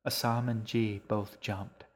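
A man narrating his own novel in a podcast, reading in a measured, unhurried way. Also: on the low side, level tone. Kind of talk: scripted narration.

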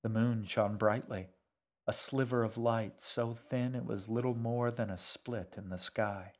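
A man reading his own novel aloud in calm, measured scripted narration. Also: mid-range voice.

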